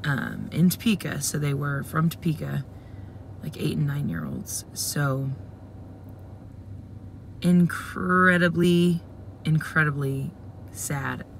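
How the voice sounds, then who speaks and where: A woman's voice: a bass voice, very animated, unhurried, gravelly, a little mellow, slight background noise. A young woman vlogging casually, chatting in a rambling, candid way as she runs weekend errands. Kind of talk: casual vlog chat. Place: parking lot, then store.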